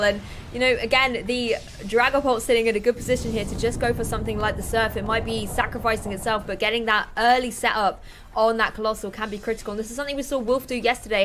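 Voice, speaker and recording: Female esports caster, rapid-fire play-by-play, slightly high voice. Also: a bit bright, slight background noise. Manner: brisk play-by-play calling. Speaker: esports commentator. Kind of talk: live game commentary.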